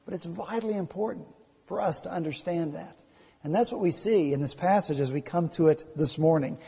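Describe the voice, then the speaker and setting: A man's voice: fairly high pitch, fairly quick, vocal fry, slightly rough. A man preaching a sermon, reading scripture aloud and telling stories to his congregation. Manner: reads scripture aloud and tells anecdotes, prays quietly. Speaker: pastor. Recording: long hall reverb.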